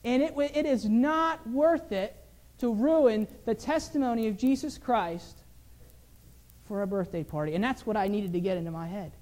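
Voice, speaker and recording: A man's voice: sits high, moderate pace, a little mellow. A man preaching a sermon, telling a personal story earnestly and pressing his points with rising emphasis.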